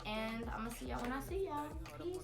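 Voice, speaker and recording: A woman's voice: high voice, a little fast, creaky, echoey room. Slangy young woman telling a story. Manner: slangy, animated storytelling with asides to viewers. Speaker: vlogger telling a story time. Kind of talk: casual story time.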